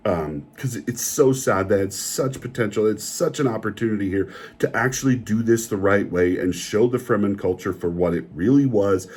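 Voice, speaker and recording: A man's voice: fairly low pitch, normal speed, few pauses, a little mellow, husky. A man delivering an opinionated, indignant rant as a film reviewer, often repeating himself.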